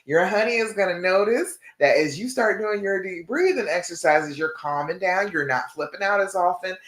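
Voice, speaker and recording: A woman relationship coach giving a live-stream talk, encouraging her listeners, often checking in with "okay?" and guiding them through slow counted breathing. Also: lowish voice, a bit bright, echoey room. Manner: encouraging, checks in with frequent "okay?" and "all right?"; slow guided counting during breathing exercise.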